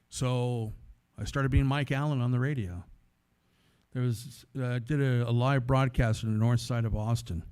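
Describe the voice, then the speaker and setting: A man from San Antonio, a former radio host, telling stories as a guest speaker in a lively, conversational way and acting out the voices in them. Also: medium pitch, normal speed, smooth. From San Antonio, Texas. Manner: animated, conversational storytelling that acts out the voices in it. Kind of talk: storytelling sermon talk.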